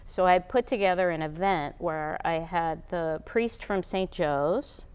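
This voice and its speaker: A middle-aged woman from the United States, a guest telling a story in a casual interview, animated and acting out the quotes. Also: lowish voice, a little slow, clean tone, long reverb tail. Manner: lively, animated storyteller who acts out quotes.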